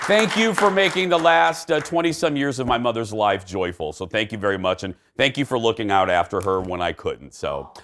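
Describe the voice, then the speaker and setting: A man in middle age hosts a talk show from the studio, his voice rising and falling in lively swings. He chats and tells personal stories, often restarting and filling pauses with "uh" and "you know.". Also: fairly low pitch, a little hiss or hum. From Indiana, United States. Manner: chatty, animated, with frequent fillers and restarts. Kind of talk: casual chat and storytelling.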